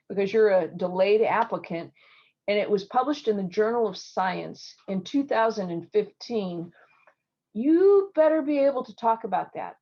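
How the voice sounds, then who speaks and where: A middle-aged woman surgeon giving interview advice in an online talk, telling stories lively and acting out the people she quotes. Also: mid-range voice. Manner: lively storytelling with acted quotes. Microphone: video call. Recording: dull lo-fi video call audio.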